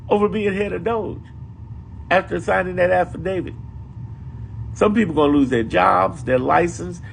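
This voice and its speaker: A man's voice: high-pitched, vocal fry, slight background noise. A man giving casual political commentary, emphatic and profane, repeating his points for effect.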